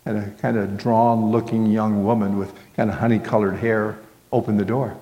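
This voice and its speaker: A male pastor tells a story from the pulpit in a folksy, homespun manner, starting lines with "well". His low-pitched voice rings in a long hall reverb. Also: level tone, normal speed, muffled recording. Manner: folksy, many "well" and "kinda". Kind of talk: sermon storytelling.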